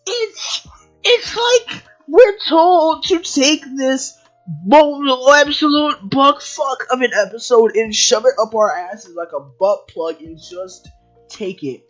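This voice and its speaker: A woman ranting in a video review. She is profane and exasperated and often breaks into shouts. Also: high voice, slow, highs cut off, soft background music. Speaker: video commentator. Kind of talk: angry review rant.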